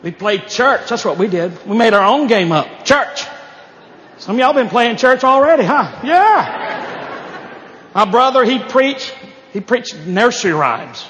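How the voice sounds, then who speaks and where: A man's voice: very high-pitched, big pitch swings, a little slow, a bit bright, slight background noise. A man from Appalachia doing a stand-up comedy set, telling folksy stories with punchy asides. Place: live venue. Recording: echoey hall with audience.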